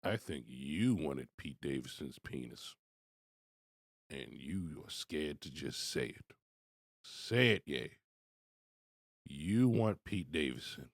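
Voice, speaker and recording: A man giving blunt, profane commentary, swinging from low muttering to loud, high-pitched outbursts. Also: lively intonation, slow, long pauses, no echo, clean studio sound. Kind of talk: ranting commentary.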